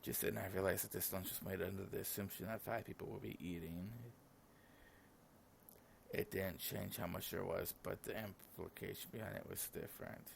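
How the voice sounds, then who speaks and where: A young man running a gaming channel reads a visual novel aloud, covering all the lines in his own voice with casual asides, sounding sleepy and yawning. His low, gravelly voice has flat delivery at normal speed, over slight background noise.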